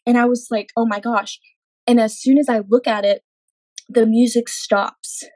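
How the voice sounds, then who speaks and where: A woman's voice: on the high side, steady tone, moderate pace, darkish tone, dry recording, low-quality recording. Earnest young woman telling a testimony. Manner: earnest, acts out her own quoted words, frequent "like". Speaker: podcast guest. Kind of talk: personal testimony storytelling.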